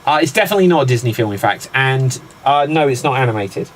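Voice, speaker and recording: A man's voice: mid-range voice, animated, quick pace, a little hiss or hum, poor audio. A man hosting a live guessing game, upbeat and teasing, often laughing. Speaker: quiz host.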